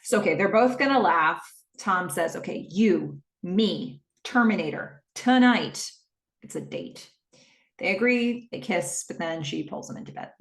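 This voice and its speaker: A woman's voice: on the low side, lively intonation, normal speed, a bit bright, echoey room. A woman hosting a podcast, casually retelling a TV episode scene by scene and quoting the characters as she goes. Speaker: podcast host.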